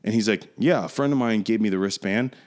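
A man in his forties on a casual podcast telling a profane, animated story. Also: lowish voice, fairly quick. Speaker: podcast host.

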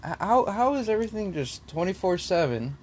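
A man's voice: high-pitched, very animated, fairly quick. A young man in casual chat, ranting bluntly and swearing a lot. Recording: faint background noise.

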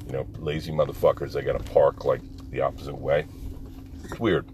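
A man's voice: a bass voice, little pitch movement, a little fast, a little mellow. A man talking in a rambling, profane, casual monologue from a parked car, laughing often. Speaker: vlogger. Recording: car and street noise behind. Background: car and street noise.

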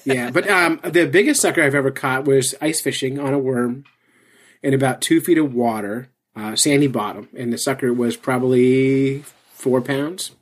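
A man's voice: mid-range voice, moderate pace. A man from New Jersey co-hosting a podcast, chatting casually and joking often. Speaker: podcast co-host. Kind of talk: casual chat.

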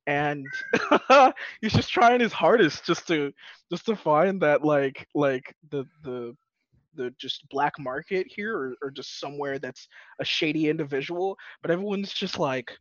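Excitable rambling man, dull audio. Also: on the high side, a little slow, dry recording. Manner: excitable, laughing, swearing, rambling with restarts. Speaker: tabletop game player. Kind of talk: casual podcast chat.

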